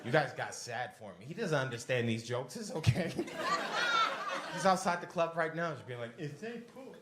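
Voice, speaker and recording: A man's voice: medium pitch, a little fast, reverberant, heavy background noise. A man doing stand-up comedy with crowd work in a comedy club, brash and profane, with audience laughter behind him. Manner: brash, profane, animated delivery.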